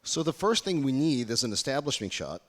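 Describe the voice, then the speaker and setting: A man's voice: mid-range voice, big pitch swings, fairly quick, a bit bright. A man giving a UX workshop talk to a live audience, engaging them with questions. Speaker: UX workshop speaker. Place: conference room. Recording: reverberant conference hall.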